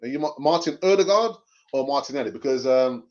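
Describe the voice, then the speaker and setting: His voice medium-pitched, expressive, fairly quick and a little mellow, a man hosts a live fan stream and responds to viewer comments. He makes his case passionately, often repeating phrases for emphasis; the stream audio sounds dull and lo-fi.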